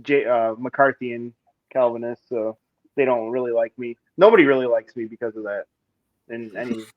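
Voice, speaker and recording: A man's voice: medium pitch, normal speed, no echo. Man, co-host, rambling enthusiastic chat, muffled lo-fi mic, dry sound. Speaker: podcast co-host. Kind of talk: casual chat on a stream. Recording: dull lo-fi stream mic.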